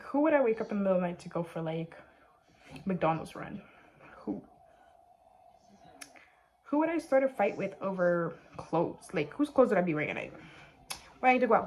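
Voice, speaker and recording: A woman's voice: mid-range voice, a little mellow. Young woman doing a chatty grwm vlog, says like a lot, sarcastic, slight background hiss. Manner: chatty, sarcastic, filler-heavy with lots of "like". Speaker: beauty vlogger. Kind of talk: casual get-ready-with-me chat.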